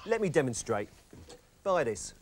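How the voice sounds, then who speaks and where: A man playing a smooth-talking salesman with deadpan asides in a sitcom. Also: a little high, unhurried. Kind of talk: sitcom comedy acting.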